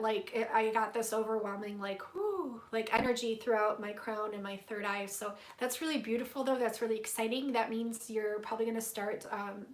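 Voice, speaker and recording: A woman giving a live spiritual tarot reading to her viewers, soft-spoken and gushing, with many fillers and easily moved to emotion. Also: fairly high pitch. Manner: emotional, tearful at moments. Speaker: tarot reader hosting a livestream.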